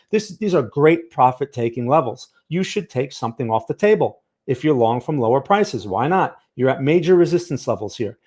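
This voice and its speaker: A man's voice: a little high, a little mellow. A man teaching a casual live chart lesson as a stream host, conversational and often checking in with his viewers. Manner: conversational, keeps checking in with "okay?" and "right?". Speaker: trading educator and livestream host.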